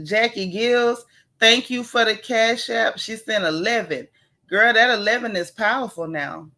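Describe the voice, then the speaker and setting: Woman host, casual livestream chat, playful shout-outs, mid-pitched voice. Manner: warm, playful, chatty banter with the chat. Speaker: livestream host greeting viewers. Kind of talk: casual live-stream chat.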